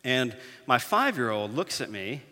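A pastor in his thirties preaches with a bright, forceful voice, telling family stories with animated, self-mocking humor. His voice rings out with a long reverb, like a large church hall. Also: mid-range voice, unhurried. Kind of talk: sermon. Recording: echoey hall.

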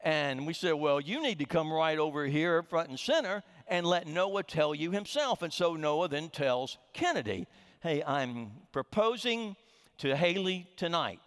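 Lively middle-aged male pastor preaching. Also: on the high side, normal speed, few pauses, clear, resonant tone, long reverb tail. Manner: storytelling with humor and repeated restarts. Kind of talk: sermon. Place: church sanctuary.

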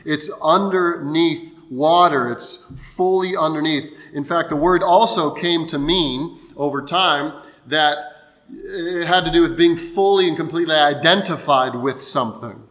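Man, pastor, conversational sermon voice, slightly high, bright tone. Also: unhurried. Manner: explanatory, conversational preaching with restarts.

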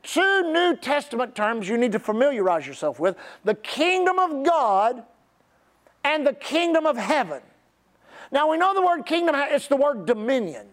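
A man's voice: extremely high pitch, very animated, a bit bright. A middle-aged man preaching a sermon as pastor, stretching key words and calling on the congregation to repeat after him. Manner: preacherly, drawn-out emphasis, audience call-and-response.

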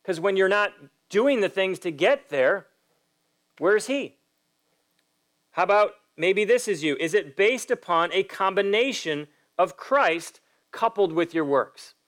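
Male pastor, fairly high voice, emphatic sermon delivery with pointed questions to the congregation. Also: lively intonation, a little slow, a bit bright. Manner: acts out quoted voices in a story.

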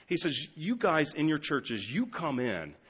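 Middle-aged american pastor preaching, husky voice, big echoey church hall. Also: male voice, fairly high pitch, unhurried. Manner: animated preaching, swings from quiet asides to loud emphatic lines. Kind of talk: sermon. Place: church sanctuary.

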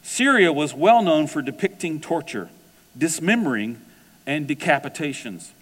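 A man preaching a sermon, telling a personal story in a conversational, animated way. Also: on the high side, moderate pace, in a large hall. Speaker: pastor.

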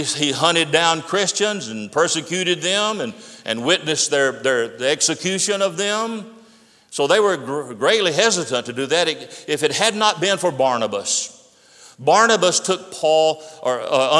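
A man preaching a sermon as pastor, telling stories and quoting with emphatic rises, then dropping low and quiet for solemn points. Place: church sanctuary. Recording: echoey sanctuary with long reverb.

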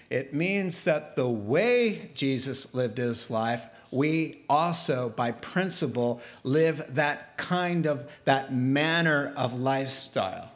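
A man preaching a sermon to his church in a lively, humorous, conversational way, getting fired up as he goes. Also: mid-range voice. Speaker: pastor.

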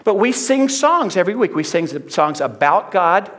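A man's voice: high-pitched, sing-song, normal speed, a bit bright. A middle-aged man preaching a conversational sermon, repeating phrases for emphasis. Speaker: pastor.

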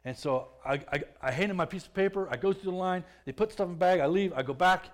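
A man with a somewhat high-pitched voice tells his own story as a testimony. He talks plainly and conversationally, stumbling over and repeating words. His voice swells louder at the tense moments. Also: quick pace. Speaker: speaker giving a testimony.

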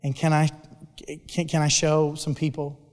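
A man voicing a weary young woman who speaks softly and haltingly in grateful thanks, within a sermon story. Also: on the high side, level tone, natural voice. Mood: tearful thanks. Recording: long hall reverb.

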